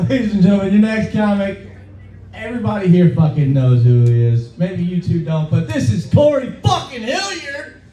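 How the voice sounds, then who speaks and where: A man's voice: sits high, expressive, a little slow, dark tone. A man emceeing a comedy night, rowdy and profane as he hypes up the next act. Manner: rowdy, swearing hype-man. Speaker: emcee introducing comics. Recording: echoey room from far off.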